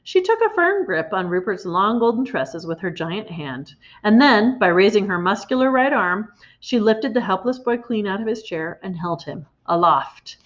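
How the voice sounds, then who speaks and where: A woman reading a children's storybook aloud in an expressive way, in a slightly muffled recording. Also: mid-range voice, normal speed. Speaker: reader.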